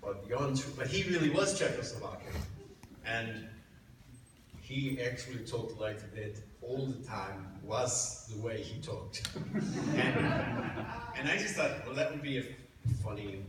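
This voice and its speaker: A man on a convention panel tells animated stories, his pitch swinging freely as he laughs at himself. The sound is boomy and echoing, picked up from across a noisy hall. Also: measured pace. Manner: animated, laughing, self-amused. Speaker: actor, convention panel guest. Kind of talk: anecdotal storytelling on a panel. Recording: echoey hall, mic from far off, noisy.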